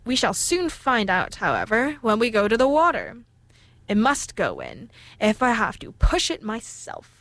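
A woman voicing a fretful, proud mother duck in a storybook reading, with a fussy, lively manner. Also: a little high, normal speed, dry recording, heavily acted.

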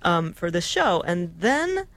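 A woman's voice: fairly low pitch, very animated, slow, no room sound. A woman co-hosting a radio music show, chatting casually with many fillers and frequent laughs.

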